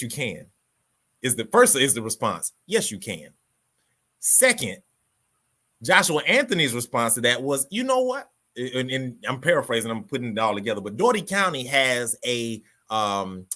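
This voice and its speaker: A man's voice: mid-range voice, bright, forceful tone. A man hosting a live stream, reading chat comments and ranting with passion, repeating words as he talks. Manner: passionate ranting, repeats himself, calls listeners dog. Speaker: livestream host.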